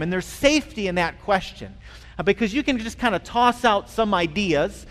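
A male pastor preaching a sermon in a conversational way, with frequent pauses and restarts. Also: high-pitched, sing-song, a bit bright. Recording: long reverb in a large hall.

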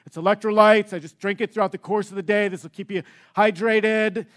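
A man voicing a peppy, muscular male gym owner who talks fast and eagerly, full of health advice. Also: high voice, steady tone, fairly bright tone. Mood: chirpy.

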